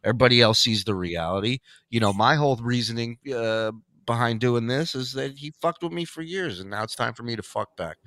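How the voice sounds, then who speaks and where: A man's voice: medium pitch, fairly quick, few pauses, fairly bright tone, dry recording. A man hosting a podcast, teasing his guests in casual, profane banter and laughing often. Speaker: podcast host.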